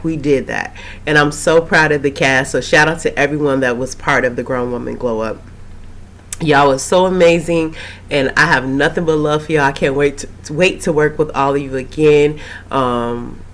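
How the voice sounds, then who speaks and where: Chatty woman, slightly hoarse. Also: low-pitched. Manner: chatty, rambling, with frequent fillers and asides. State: slightly hoarse after a cold. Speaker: TV recap host. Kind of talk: casual TV episode recap.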